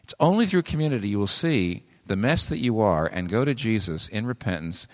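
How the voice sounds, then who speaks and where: A man preaching a sermon, animated and full of rhetorical questions. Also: on the low side, fairly quick, in a large hall. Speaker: pastor.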